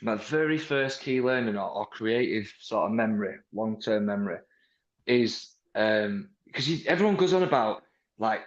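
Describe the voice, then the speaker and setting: A man's voice: mid-range voice, normal speed. British salesman in an echoey room. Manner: animated, acts out sales-floor dialogues, frequent restarts. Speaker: car sales manager, interview guest. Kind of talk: casual interview talk. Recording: roomy, slightly dull sound.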